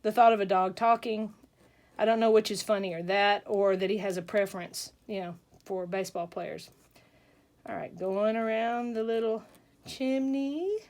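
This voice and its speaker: A woman's voice: medium pitch, fairly even intonation, normal speed, darkish tone. A woman hosting a casual crafting tutorial, chatty and rambling, with asides and jokes.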